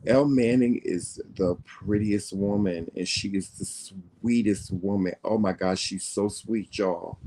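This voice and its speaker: A man's voice: lowish voice, a little slow, few pauses, mellow, poor audio. A man from the American South with a faded Southern accent, chatting casually as co-host and full of fillers and restarts. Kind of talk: casual chat.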